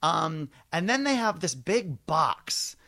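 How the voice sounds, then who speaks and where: A man's voice: fairly high pitch, sing-song, slow, creaky, pushed and bright. A man co-hosting a podcast, chatting casually and joking crudely. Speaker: podcast co-host. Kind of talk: casual chat.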